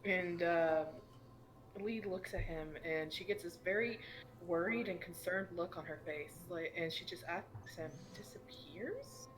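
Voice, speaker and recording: A woman's voice: lowish voice, unhurried, rough recording. A woman playing in a tabletop game, rambling with many fillers and giggling often. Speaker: player. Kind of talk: casual tabletop play.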